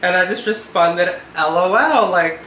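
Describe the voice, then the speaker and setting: A woman in her twenties talks through a casual vlog, her words full of "like" and a note of exasperation. Her voice has a bright, sharp edge. The recording has a roomy echo. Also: lowish voice, a little slow, a little hiss or hum. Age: 20s. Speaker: vlogger. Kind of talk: casual chat. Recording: echoey room.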